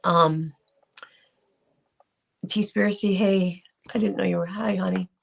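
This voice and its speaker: A woman's voice: medium pitch, fairly even intonation, measured pace, vocal fry, slightly rough. A woman hosting a casual live reaction stream, talking unscripted with many ums and greeting viewers in the chat. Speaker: livestream host.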